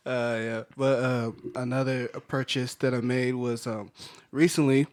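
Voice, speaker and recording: A man co-hosting a podcast, rambling excitedly and mimicking his family in high voices. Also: a little slow. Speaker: podcast co-host. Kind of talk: casual chat, storytelling.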